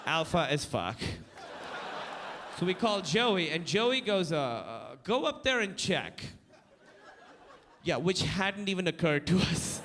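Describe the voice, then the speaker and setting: A man from Pakistan telling a stand-up comedy story on stage, animated, breaking into panicked shouted voices. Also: sits high, long reverb tail, background noise. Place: comedy stage before a live audience.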